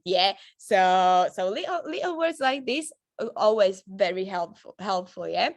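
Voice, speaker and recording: A woman's voice: mid-range voice, normal speed, no echo. A woman with a voice, giving a casual, upbeat training talk to her team, with frequent fillers and restarts. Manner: chatty, upbeat, laughs often, many fillers and restarts. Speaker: network marketing trainer.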